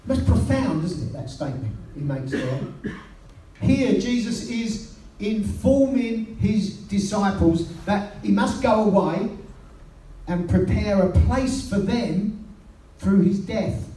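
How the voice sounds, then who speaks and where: A British man preaching a sermon, telling the story and quoting scripture in a lowered voice. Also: expressive, slow pace, warm tone. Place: church hall. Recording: roomy sound from a distance.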